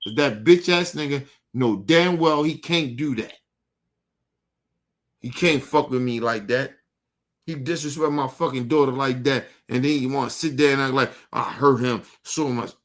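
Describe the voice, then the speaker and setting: A man with a medium-pitched voice speaking at normal speed hosts a show, launching into an angry monologue full of profanity. He repeats himself and directly challenges the person he's targeting.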